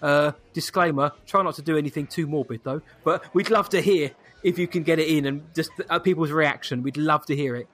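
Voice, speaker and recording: A man's voice: fairly high pitch, a little fast, few pauses, fairly bright tone. A man co-hosting a podcast, chatty and jokey, wrapping up the episode. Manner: jokey, chatty, wraps up the show. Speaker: podcast co-host. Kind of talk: casual podcast chat.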